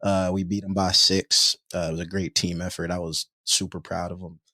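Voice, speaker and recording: Low-voiced man telling an animated story. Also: brisk, no room sound, studio quality. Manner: animated, repeats words when excited. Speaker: podcast host and youth basketball coach. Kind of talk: casual podcast storytelling.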